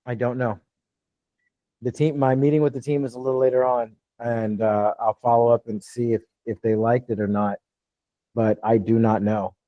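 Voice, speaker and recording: A man in his fifties runs a live training call in a casual, plain-spoken way, keeping his voice a touch lighter than his natural one. His pitch sits in the middle of the range. The sound is dry and close, but dull and lo-fi like online call audio. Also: flat delivery, moderate pace, dry recording. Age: 50s. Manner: casual, plain-spoken, keeps checking in with "you know what I'm saying"; talks in a lighter "customer service voice" than his usual one. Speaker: real estate investing coach.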